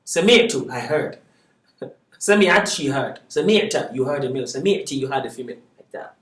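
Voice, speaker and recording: A man teaching an Arabic class, reading word lists aloud slowly with frequent laughs and chatty asides. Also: mid-range voice, animated. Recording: echoey classroom from far off.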